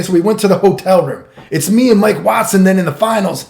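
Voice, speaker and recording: A middle-aged man rants through old tournament stories in a loose, casual monologue. He swears often, jumps between thoughts and acts out what others said to him with bursts of laughter. His voice sits a little on the high side. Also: a little fast, vocal fry. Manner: profane, animated, acts out quotes with laughs. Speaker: streamer telling fighting game stories.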